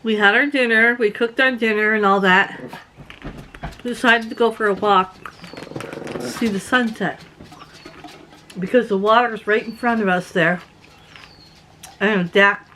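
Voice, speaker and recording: A woman from Canada casually telling personal stories as a vlogger, chatty and quick to laugh. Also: fairly even intonation, sharp tone, slight background noise. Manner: chatty, laughs often, acts out quotes in a higher voice. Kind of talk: casual storytelling.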